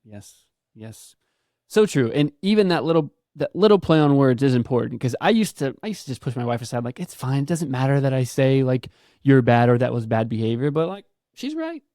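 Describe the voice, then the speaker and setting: A man co-hosts a casual parenting chat with a Christian focus, agreeing and reflecting thoughtfully. His voice is mellow and dark, recorded dry and close. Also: medium pitch, sing-song, fairly quick, no echo. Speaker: podcast co-host.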